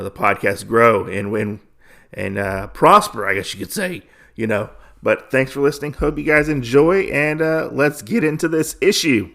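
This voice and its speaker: A man's voice: mid-range voice, gravelly, a bit bright. Guy on a podcast rambling through a comic recap, lots of you-knows, voice bouncing around a bunch. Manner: rambling, full of fillers and restarts; acts out characters' lines in quick voices. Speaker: podcast host. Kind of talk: casual comic book recap.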